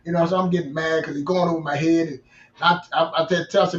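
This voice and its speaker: A man telling a long personal story in a casual interview, animated, restarting and repeating himself. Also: fairly high pitch, fast. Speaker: guest. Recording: roomy, distant, dull-sounding mic.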